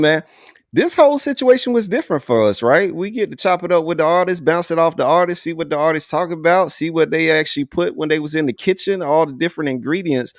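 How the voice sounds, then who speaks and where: A man's voice: a little high, no echo. Brief: male host of a casual video-call panel, slangy and easygoing, dry close sound. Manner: laid-back, slangy, says "man" often. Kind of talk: casual live panel hosting.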